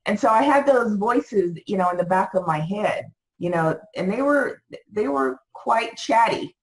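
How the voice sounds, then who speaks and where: A woman's voice: medium pitch, animated, measured pace, poor audio. A woman guest on a podcast, talking reflectively with lots of "you know" fillers. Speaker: podcast guest, business owner. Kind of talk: casual interview talk.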